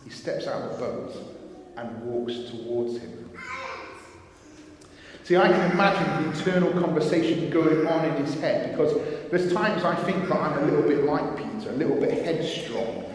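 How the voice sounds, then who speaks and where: A man preaching a sermon, earnest and unhurried, sometimes acting out what people think. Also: darkish tone, a little hiss or hum. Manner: slow, earnest, acts out quoted thoughts with rising pitch. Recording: roomy hall from a distance.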